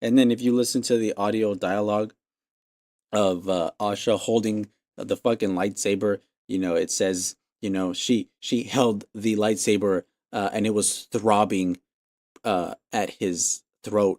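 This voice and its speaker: Low-voiced man ranting profanely. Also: steady tone, measured pace, a little mellow, no echo. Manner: profane, exasperated, laughs mid-sentence. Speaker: podcast host. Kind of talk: casual ranting commentary.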